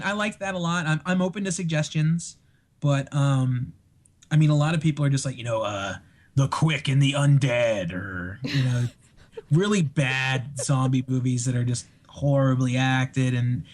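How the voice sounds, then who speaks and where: A man telling stories in a casual podcast chat, excitable and laughing often as he acts out what people said. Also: medium pitch, normal speed. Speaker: podcast guest.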